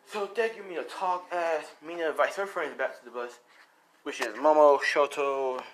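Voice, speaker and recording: A man narrates an improvised story in a loose, rambling way, swearing now and then. His voice sits a bit high for a man, and the recording has a steady hiss of noise. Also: normal speed, rough recording.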